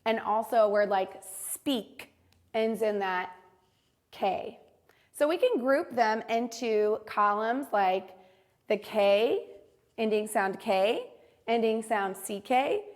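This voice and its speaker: A woman teaching a phonics lesson to young children, modeling each word carefully and slowly. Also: a little high.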